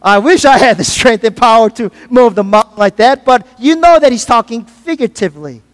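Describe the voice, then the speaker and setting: Male pastor, high voice, repetitive, call-and-response sermon, heard off-mic in a long-echo hall. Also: expressive, fairly quick. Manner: preaching with call-and-response asides; repeats phrases for emphasis, some stumbles.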